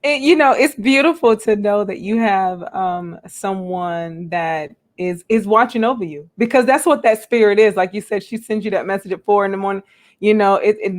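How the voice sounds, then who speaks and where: A woman hosting a live-stream chat, speaking earnestly and appreciatively, with many soft fillers. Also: mid-range voice. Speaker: host.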